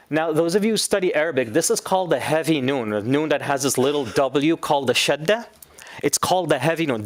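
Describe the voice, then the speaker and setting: A man teaching a class in a lively lecture, often putting questions to his students. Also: a little high, no room sound. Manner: animated, asks the class questions.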